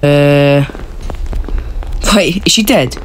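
A woman giving excitable, casual commentary while playing a horror game, yelping, laughing and talking to her teammates. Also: low voice, extremely slow, slight background noise. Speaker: gaming video creator.

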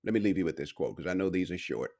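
A man preaching a morning devotional with a lively, swinging pitch that sits a little low. He leans hard on repeated phrases and drives each point home. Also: fast talker. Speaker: pastor and university speaker. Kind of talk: devotional sermon.

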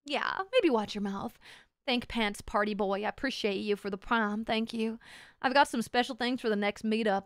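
A bubbly woman VTuber chats on a casual live stream, her high, smooth voice close to the mic in a dry, dead room. At normal speed, she swings between thanking viewers and crude, teasing banter, laughing easily.

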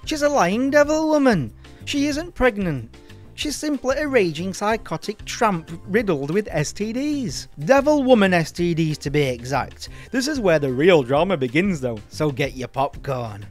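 A man's voice: high-pitched, very animated, normal speed, soft background music. A man hosting a comedic film review, sardonic, mocking and sweary.

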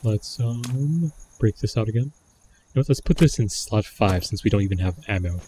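Low, mellow male gamer thinking aloud over his run, with a faint hiss in the recording. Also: lively intonation, normal speed. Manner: musing, talks himself through choices. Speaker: gameplay commentator. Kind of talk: casual gameplay commentary.

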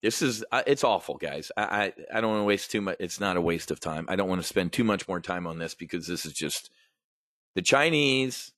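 A man's voice: fairly low pitch, fairly bright tone, no echo, studio quality. A man hosting a trading show, commenting on the news in a blunt, rambling, profane way. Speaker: options trading show host. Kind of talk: casual market and news commentary.

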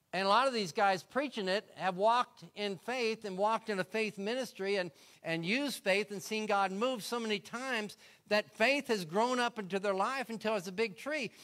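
Male guest preacher with a higher voice, folksy storyteller who drops to a hush and swells back up. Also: moderate pace. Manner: folksy storytelling, acts out voices in retold scenes; swings from loud to soft, drops to a hush. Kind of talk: sermon.

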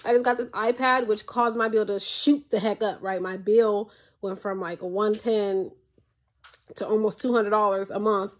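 A young woman vlogging at home into her tablet's mic, chatting to viewers in an exasperated, casual way. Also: fairly high pitch. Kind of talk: casual chat to camera. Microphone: tablet built-in mic.

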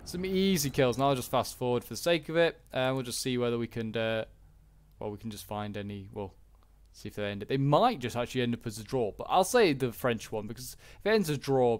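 A man's voice: medium pitch, clean tone. A man giving casual, rambling commentary over a strategy game battle, full of fillers and self-corrections. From Britain. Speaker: gaming channel host.

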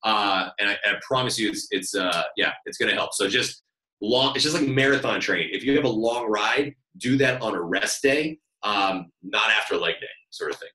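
A man in his thirties talks quickly on a video call, full of "like" and "um", tossing in casual swears. His voice is bright and forward, and the room around him echoes. He sounds like a fitness trainer giving a team advice. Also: lowish voice. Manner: fast, filler-heavy, swears casually. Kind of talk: casual chat.

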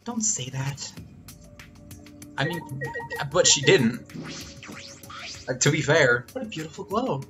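A man's voice: a little high, slow, long pauses. A man giving jokey, crude live commentary while streaming a video game. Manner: jokey, crude, animated reactions. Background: game music.

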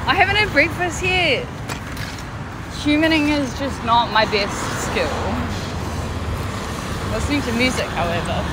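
A woman travel vlogger chatting casually to a phone camera outdoors, rambling and self-deprecating. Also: a little high. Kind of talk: casual vlog chat to camera. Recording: loud traffic noise outdoors. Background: loud traffic and street noise.

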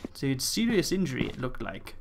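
A man's voice: mid-range voice, big pitch swings, brisk, vocal fry, background noise. A man commentating a horror game as he plays, joking, swearing and talking back to the characters on screen. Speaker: let's play host.

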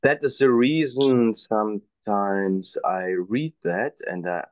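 Hesitant low-voiced male student. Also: expressive, slow, no echo. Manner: hesitant, apologetic. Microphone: video call.

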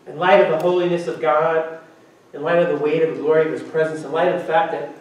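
Male pastor, animated sermon delivery, somewhat high voice, echoey distant hall sound. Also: quick pace. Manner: animated preacher, acts out quotes with sudden pitch jumps. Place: church sanctuary.

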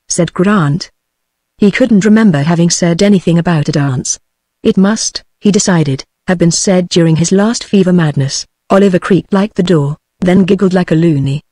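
A synthetic British female text-to-speech voice narrating an audiobook in a flat, even reading. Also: on the low side, normal speed, no room sound, studio quality. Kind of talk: scripted narration.

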